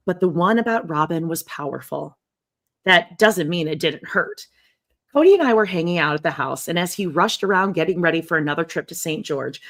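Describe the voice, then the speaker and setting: Lower-voiced woman podcast co-host. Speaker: podcast co-host reading a memoir aloud. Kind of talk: casual chat and reading aloud.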